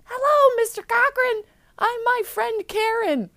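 A woman's voice: extremely high pitch, unhurried, sharp tone, no echo, pitched above the performer's own voice, heavily acted. A woman voicing a little girl who puts on an overdone fake voice. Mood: squeaky fake.

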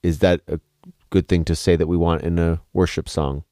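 A deep-voiced man talks through his questions in an unhurried, probing way. He sounds like a podcast co-host in conversation. The sound is dry and close, with no room echo. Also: level tone, dark tone. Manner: questioning, probing, thinks aloud. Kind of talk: conversational theological discussion.

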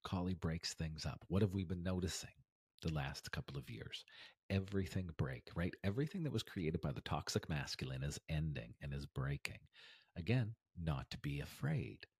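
Deep husky guy doing his daily inspiration podcast, dry close sound, gets loud then whispery. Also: normal speed, no room sound. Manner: animated, swings between loud emphasis and near whisper. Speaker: podcast host. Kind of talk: casual inspirational monologue.

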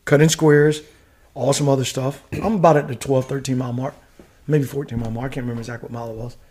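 A middle-aged man from the United States telling a story as a podcast guest, casual and profane, full of animated asides. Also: medium pitch, fast talker. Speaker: guest, retired Army warrant officer.

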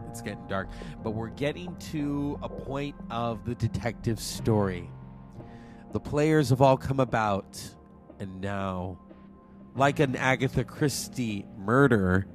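A congested man in his forties hosting a solo podcast, chatty and digressive. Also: lowish voice. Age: 40s. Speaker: podcast host. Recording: music playing behind.

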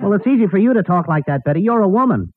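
A wisecracking bumbling boyfriend. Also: male voice, sits high, expressive, very fast, no room sound. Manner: wisecracking, mock-dramatic. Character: bumbling young boyfriend, fix-it man. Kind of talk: 1940s radio comedy acting. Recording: tinny hissy old radio broadcast.

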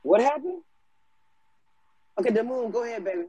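A man's voice: very high voice, expressive, moderate pace, warm tone, husky, rough recording. A tired man hosting a live audio chat room, casual and chatty, calling on speakers with "y'all" and "bro". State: tired from a long day awake.

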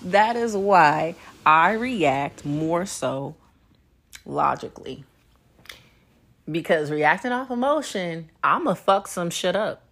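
Profane, animated woman ranting on a podcast. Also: medium pitch, moderate pace. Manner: blunt, profane, animated, laughs often. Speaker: podcast host. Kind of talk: casual solo podcast rant.

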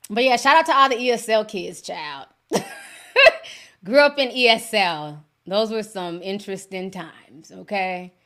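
A woman whose first language is Yoruba, hosting a livestream podcast in casual chat and reading viewer messages, talking in a chatty, animated way with frequent laughs. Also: mid-range voice. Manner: chatty and animated, laughs often, slangy asides.

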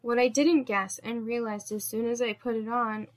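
A woman narrating a first-person story in a steady, measured reading. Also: a little high.

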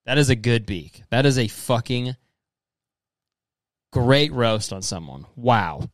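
Profane, animated young man riffing casually. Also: medium pitch, slow, no room sound. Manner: profane, rambling, says "dude" constantly; mocking, slips into exaggerated quoted voices. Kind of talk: casual comedic commentary reading messages aloud.

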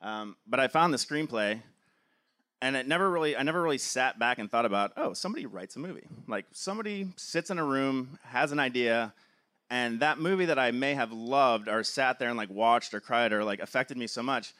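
A man's voice: mid-range voice, normal speed, pushed and bright. A man, a film producer, giving an enthusiastic motivational talk, filling his sentences with "like". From Cleveland, USA. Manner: enthusiastic, frequent filler "like".

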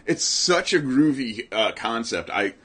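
A man's voice: medium pitch, animated, fairly bright tone, husky. A man co-hosting a casual comic book podcast, talking enthusiastically and teasing his co-host. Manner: enthusiastic, teasing, quick asides. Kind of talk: casual chat about comics.

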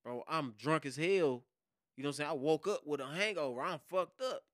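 A man, a podcast guest and hip hop producer, telling a story in casual, profane slang and acting out loud shouted quotes. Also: fairly high pitch, lively intonation, a little fast, no room sound, studio quality. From Detroit.

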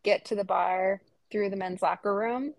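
A woman's voice: mid-range voice, fairly even intonation, normal speed, creaky. A woman in her thirties co-hosting a podcast, telling stories in casual chat and laughing often. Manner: chatty storyteller, laughs often. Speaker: podcast co-host.

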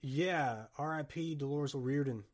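A man hosting a podcast, chatting about a horror film in a rambling, jokey, animated way. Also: fairly high pitch, moderate pace. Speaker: podcast host. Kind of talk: casual movie chat.

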